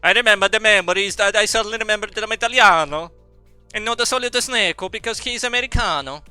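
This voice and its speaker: A man's voice: high-pitched, quick pace, bright, forceful tone, clean tone, dry recording, soft background music. A young man streaming a game, reading its dialogue aloud with stumbles and silly asides.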